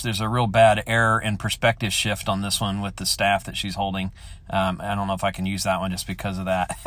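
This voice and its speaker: A man's voice: fairly low pitch, fairly bright tone. A man hosting his own podcast, thinking aloud in a rambling, enthusiastic way as he chats on his own. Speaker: podcast host. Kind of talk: casual solo chat.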